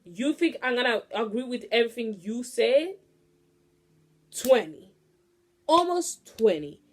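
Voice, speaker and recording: A young woman near twenty, pitched a bit high, talks straight to her audience in a casual venting monologue. She rants bluntly and swears freely, keeping her delivery loose and animated throughout. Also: unhurried. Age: late teens. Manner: blunt, profane, animated ranting. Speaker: vlogger.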